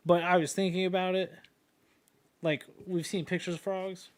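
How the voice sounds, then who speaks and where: A young man in his twenties wanders from story to story in a loose, profanity-laced podcast chat. His voice sits a little higher than most men's. He talks with easy, offhand humor. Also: little pitch movement, moderate pace. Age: 20s. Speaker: podcast co-host. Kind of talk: casual chat.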